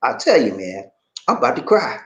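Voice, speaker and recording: A middle-aged man hosting a casual YouTube live stream, telling stories in an animated, outspoken way. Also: mid-range voice, fairly quick, roomy sound, dull audio. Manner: animated, laughing, outspoken storyteller. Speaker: YouTube show host.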